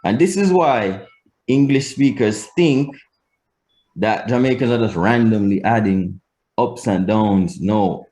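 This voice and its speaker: Slow, deliberate male language teacher. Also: warm tone. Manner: slow, deliberate explaining with demonstrated pitch swings. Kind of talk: explanatory online lesson.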